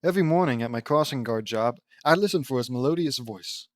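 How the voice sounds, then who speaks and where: A man's voice: mid-range voice, expressive, a little fast, dry recording, clean studio sound, lightly acted. A man voicing a swooning, romantic middle-aged mother in a fan-fiction audiobook, reading her lines in a gushing, fond manner.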